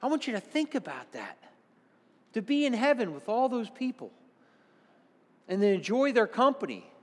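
A man preaching a sermon, earnest, moving between hushed tones and excited exclamations. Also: extremely high pitch, normal speed, long reverb tail.

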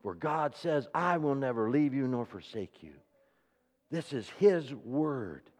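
A man preaching a sermon, asking the congregation rhetorical questions and swinging between hushed, near-whispered passages and loud, ringing declarations. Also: lively intonation, slow pace. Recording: reverberant hall, dull low-fidelity sound.

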